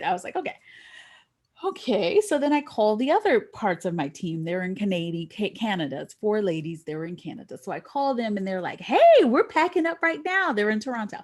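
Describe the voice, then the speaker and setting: Animated woman telling a story. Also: slightly rough. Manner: animated, acts out quoted voices with big pitch jumps. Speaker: guest. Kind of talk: storytelling in a podcast interview.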